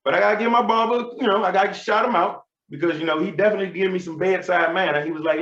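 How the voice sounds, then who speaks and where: A man in his thirties doing a stand-up routine, telling stories in an animated, profane, swaggering way. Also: high-pitched, rapid-fire, hardly any pauses. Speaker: stand-up comedian. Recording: roomy, dull sound.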